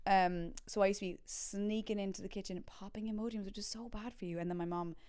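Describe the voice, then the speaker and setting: Young Irish woman, comedy podcast host, animated storyteller, smooth and clear. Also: quick pace. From Ireland. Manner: chatty, animated, acts out quotes with big pitch jumps. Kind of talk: comic storytelling.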